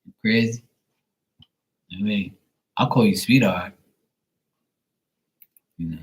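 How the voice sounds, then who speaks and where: Here the voice is on the low side and slow. The speaker, a forty-something Bermudian man who hosts tarot reading livestreams, rants casually and profanely, joking as he performs both ends of phone calls.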